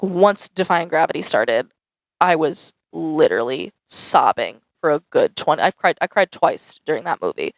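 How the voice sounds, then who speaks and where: A woman's voice: lowish voice, vocal fry, dry recording, low-quality recording. A young woman answering viewer questions in a casual, chatty vlog, saying "like" a lot. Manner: chatty, says "like" often, animated. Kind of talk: casual Q&A chat. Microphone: camera mic.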